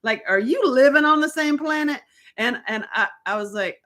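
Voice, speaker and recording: A middle-aged woman telling a story in a casual monologue, animated and blunt, laughing often and swearing freely. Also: high voice, normal speed. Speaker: author and host.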